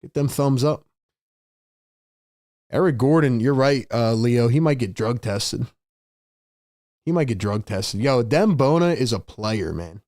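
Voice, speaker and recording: A man hosting a live fan stream, calling the game play by play and reacting excitedly while talking to viewers in the chat. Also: mid-range voice, unhurried, long pauses, dry recording, clean studio sound. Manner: excitable, shouts big plays, chats with viewers. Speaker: livestream host.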